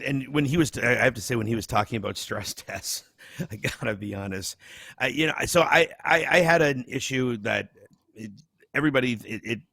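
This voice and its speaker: A man's voice: lowish voice, gravelly, no room sound, clean studio sound. A man co-hosting a casual podcast, telling self-mocking stories with lots of restarts. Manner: animated, self-mocking storyteller with many restarts. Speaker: podcast co-host. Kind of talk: casual chat.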